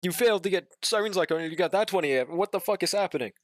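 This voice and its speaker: A man's voice: high-pitched, racing, no room sound, clean studio sound. Joking, cursing male streamer. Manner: joking, profane, hums to himself. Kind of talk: casual live-stream chat while drawing.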